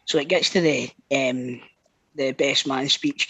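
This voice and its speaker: A Scottish man co-hosting a podcast, telling stories in a casual, sweary, animated way. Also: medium pitch, unhurried, husky, no echo, low-quality recording. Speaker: podcast co-host. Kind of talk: casual storytelling.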